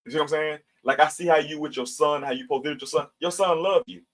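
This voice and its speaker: A man's voice: a little high, rapid-fire, a bit bright, poor audio. A middle-aged man teaching a casual Bible study, mixing scripture readings with everyday talk. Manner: preachy, conversational, with scripture readings.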